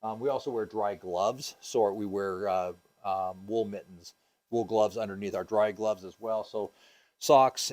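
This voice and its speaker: A man's voice: fairly low pitch, a little mellow. A man teaching a scuba diving class, casual and upbeat, with many ums and uhs, asking the class questions.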